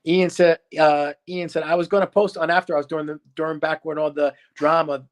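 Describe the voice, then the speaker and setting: A man's voice: a little high, little pitch movement, fairly quick. A male livestream host reading out viewer comments, with short, dry interjections.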